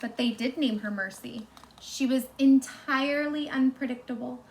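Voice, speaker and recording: A woman reading a storybook aloud to children, expressive and animated. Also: high voice, normal speed. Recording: echoey room.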